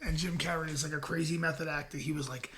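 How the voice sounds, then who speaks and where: A man's voice: on the high side, quick pace, slight background noise. A man hosting a podcast, telling stories in casual chat, swearing a lot and acting out the people he quotes. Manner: animated storyteller, swears a lot, acts out quotes. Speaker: podcast host. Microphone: headphones with mic.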